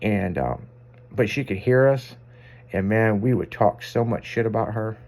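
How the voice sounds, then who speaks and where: A man's voice: fairly low pitch, a little slow, darkish tone. Guy hosting an afternoon radio show, swearing a lot, rambling through funny stories. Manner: rambling, profane, self-amused anecdotes. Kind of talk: casual on-air storytelling.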